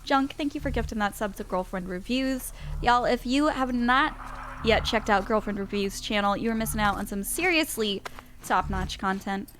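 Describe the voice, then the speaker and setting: A woman's voice: medium pitch, normal speed, fairly bright tone, a little hiss or hum. A woman streaming a game, chatting to viewers and coaxing her character along. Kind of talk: live gameplay commentary.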